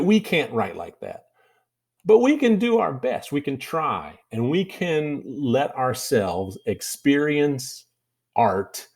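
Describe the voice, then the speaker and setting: A man's voice: on the low side, a little mellow. A man with a Kentucky drawl giving a casual art lesson over slides, rambling with many fillers and restarts. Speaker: art teacher.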